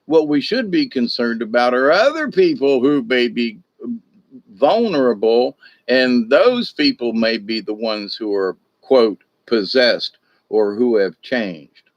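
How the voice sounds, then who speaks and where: A man's voice: medium pitch, no room sound, muffled recording. Rambling folksy man, dry close sound. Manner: rambling, repeats himself, folksy. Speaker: spiritual discussion host. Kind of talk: casual spiritual talk.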